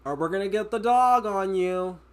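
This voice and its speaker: A young man imitating a male police officer who drawls slow, unserious threats. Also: sits high, lightly acted. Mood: taunting.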